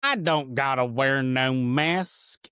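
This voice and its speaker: A man putting on a put-on cowboy drawl to voice a gruff, stubborn male worker who refuses to wear a mask. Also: medium pitch, slow, sharp tone, dry recording.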